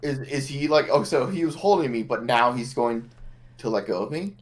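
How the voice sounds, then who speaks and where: A man's voice: mid-range voice, normal speed. A man playing a tabletop game, swearing often and reacting to the game master with frustration. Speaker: player. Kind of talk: casual game chat.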